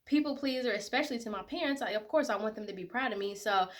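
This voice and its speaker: Speaking fast in a slightly high voice, a vlogger in her twenties talks casually and personally to camera. She's heartfelt and emotional, sometimes tearful, with many fillers throughout.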